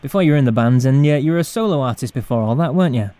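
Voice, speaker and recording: A man interviewing a guest, friendly and laughing along as he asks quick questions. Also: mid-range voice, lively intonation, dark tone. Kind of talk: casual interview.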